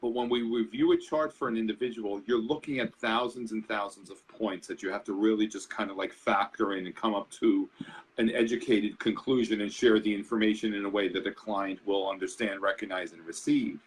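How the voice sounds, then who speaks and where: A man's voice: lowish voice, fairly even intonation, brisk, breathy edge, low-quality recording. A man guesting on a talk show as an astrologer, speaking in an earnest, reflective way. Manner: earnest, reflective, repeats words. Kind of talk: interview talk.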